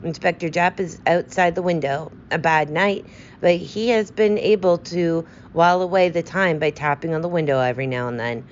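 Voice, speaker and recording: A woman voicing a fussy, precise male detective with a brisk, self-assured way of talking. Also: on the low side, highs cut off, slight background noise, close to an everyday voice.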